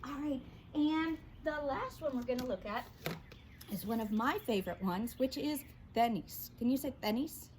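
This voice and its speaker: A woman's voice: high-pitched, normal speed, noisy background. A woman teaching a children's Spanish vocabulary lesson, upbeat and prompting her class to repeat each word.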